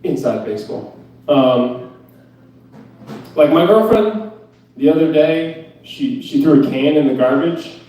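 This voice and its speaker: A man's voice: fairly high pitch, lively intonation, slow, long pauses, mellow, very echoey, far from the mic, rough recording. A young man doing a stand-up set at an open mic, ranting in a profane, incredulous, self-mocking way. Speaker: stand-up comedian. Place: club stage.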